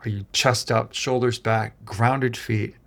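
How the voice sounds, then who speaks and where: A man's voice: mid-range voice, fairly even intonation, takes it slowly, creaky, a bit bright. A man giving an earnest motivational talk as a relationship coach, coaching men with direct instructions. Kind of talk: motivational monologue.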